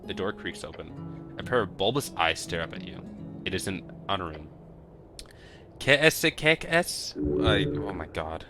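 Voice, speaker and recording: A man's voice: low voice, fairly quick. A man streaming a game, chatting casually with wry, self-deprecating asides and reading the game text aloud. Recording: game music playing behind.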